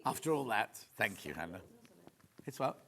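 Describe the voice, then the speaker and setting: A man's voice: fairly low pitch, big pitch swings, normal speed, fairly bright tone. A man presenting live on a shopping channel from a TV studio, chatting in a rambling, gushing way with plenty of asides. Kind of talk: live sales demo chat.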